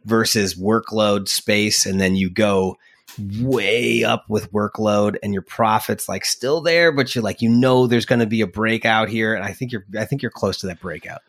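Lower-voiced man hosting a teasing chat. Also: normal speed. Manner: joking, teasing, animated. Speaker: podcast host. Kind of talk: casual chat.

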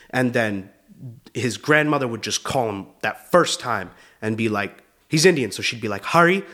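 A male comedian hosting his show, riffing in a loose, profane monologue that is full of "dude". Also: medium pitch. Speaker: comedian host.

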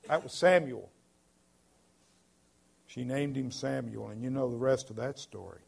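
A male pastor preaching a sermon in an earnest, emphatic way, his voice swelling loudly at points. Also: mid-range voice, a little slow, creaky, slightly rough.

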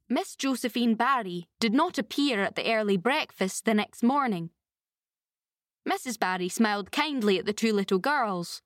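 A woman narrating a classic novel in a measured, expressive storytelling manner. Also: a little high, dry recording. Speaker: audiobook narrator. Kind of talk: scripted narration.

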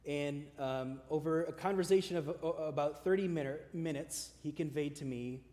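High-voiced male pastor preaching in a hall. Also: moderate pace, few pauses. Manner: emphatic preaching with repeated rhetorical lists; drops to a soft conversational tone for stories. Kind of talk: sermon. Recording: long hall reverb.

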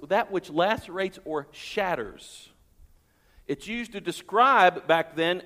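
High-voiced man preaching with hall echo. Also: a bit bright. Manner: emphatic, rhetorical questions and repetition. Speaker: pastor. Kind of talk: sermon.

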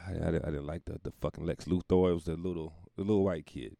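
Gravelly man ranting profanely. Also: sits low, steady tone, quick pace, dark tone, no echo. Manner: rambling, profane, laughs at own jokes. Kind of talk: profane comedic rant.

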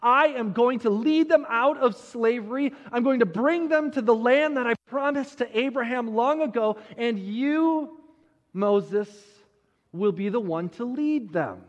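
A preacher doing God, solemn and declaring. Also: male voice, extremely high pitch, muffled recording. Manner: slow, declaring, reassuring promises. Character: God, a solemn all-knowing male deity. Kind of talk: sermon storytelling. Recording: long hall reverb.

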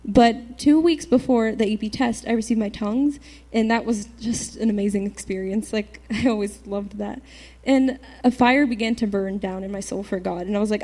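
An earnest teenage girl shares her faith testimony with a church group. She talks in a halting way, full of fillers and restarts. Her voice sits a little high but has a warm, mellow tone. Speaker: youth speaker giving a testimony.

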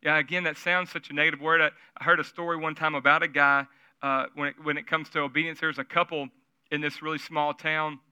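A man's voice: on the high side, little pitch movement, fast talker, bright, forceful tone, clean tone, no room sound, lo-fi sound. A man preaching a sermon at a church service, telling stories in a conversational way and asking the audience questions. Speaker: pastor.

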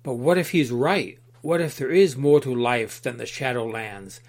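A man's voice: mid-range voice, normal speed, a little mellow, lightly acted. A man reading the part of an agreeable but fussy open-minded man in an allegorical story, mild and easily put out.

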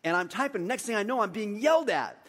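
High-voiced man preaching a sermon. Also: fast. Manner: storytelling, animated anecdotes then earnest reading. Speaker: pastor.

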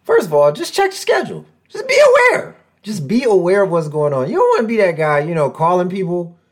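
A man hosting a casual podcast from a room at home, excitable and joking, with big swings in pitch and loudness. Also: quick pace, slight background noise. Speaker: podcast host. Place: room at home with a door nearby.

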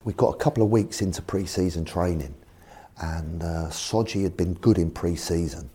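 A former football manager telling anecdotes in an animated way and acting out voices. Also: male voice, sits low, moderate pace, husky. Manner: animated, acts out voices in his stories. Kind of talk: anecdotal storytelling.

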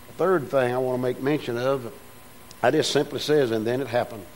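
An older man preaching a sermon in a folksy, homespun way, moving between hushed storytelling and rising, emphatic preaching. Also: mid-range voice, brisk, slight background noise. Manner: folksy, homespun phrasing with repeated restarts.

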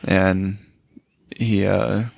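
A man's voice: deep voice, little pitch movement, extremely slow, vocal fry, darkish tone, no echo, clean studio sound. A middle-aged man co-hosting a podcast in casual, wry chat. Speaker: podcast co-host.

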